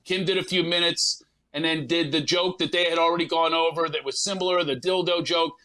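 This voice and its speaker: A man, a comedian guest, telling a story in an animated way and acting out other people's lines in quick bursts. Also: a little high, rough recording.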